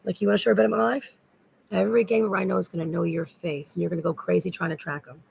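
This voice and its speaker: A woman's voice: fairly low pitch, flat delivery, rapid-fire, gravelly, a little mellow, a little hiss or hum, rough recording. A woman in a rambling, agitated spoken monologue that loops back on the same words.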